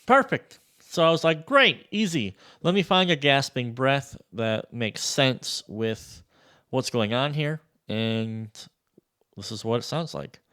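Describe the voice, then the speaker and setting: A man demoing a sample library in a casual, excitable walkthrough, loose and swearing freely. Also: medium pitch, slow, clear, resonant tone. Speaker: music producer reviewing a sample library.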